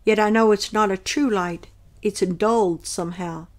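A woman narrating her own religious dream as a testimony, reading in an earnest, measured way. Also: medium pitch, fairly even intonation.

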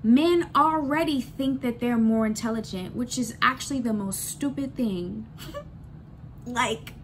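A woman's voice: a little high, a little slow, slight background noise. A woman ranting bluntly in a candid storytime vlog, swearing freely and repeating lines for emphasis. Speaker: vlogger.

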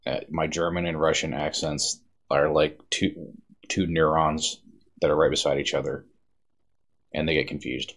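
A man's voice: a bass voice, little pitch movement, normal speed, long pauses, a bit bright, faint music behind. A man streaming a video game, chatting casually and self-deprecatingly between scenes. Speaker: let's-play streamer.

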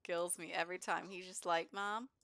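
A woman's voice: lowish voice, a little slow, a bit bright, smooth, no room sound. A woman giving chatty, giggly gameplay commentary as a gaming YouTuber.

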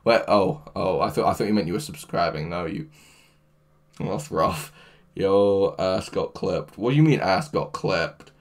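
A man's voice: low-pitched, a little slow. A man hosting a livestream, reading chat aloud in a crude, joking way and laughing often. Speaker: livestream host. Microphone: headphones with mic.

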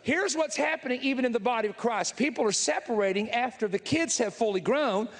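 Southern preacher guy, kinda high voice, blunt and folksy, big echo off the hall. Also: fairly quick. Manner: blunt, folksy, emphatic preaching with crowd asides. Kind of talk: sermon. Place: large church hall with live audience. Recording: echoey hall reverb.

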